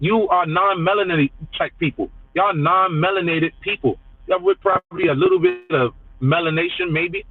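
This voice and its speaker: A man's voice: fairly high pitch, husky, no room sound. A man ranting live to his chat, profane and heated, hammering the same lines over and over. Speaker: livestreamer. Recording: tinny phone-like dry audio.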